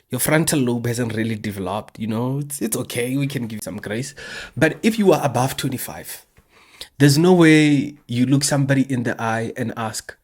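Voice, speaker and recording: A man's voice: mid-range voice, darkish tone. A man delivering an indignant, mocking political monologue as a commentator. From South Africa. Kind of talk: impassioned monologue.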